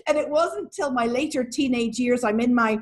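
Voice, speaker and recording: Northern Irish woman in her forties, animated. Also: fairly high pitch, normal speed. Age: 40s. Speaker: guest, prophet and church leader. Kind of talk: casual interview talk.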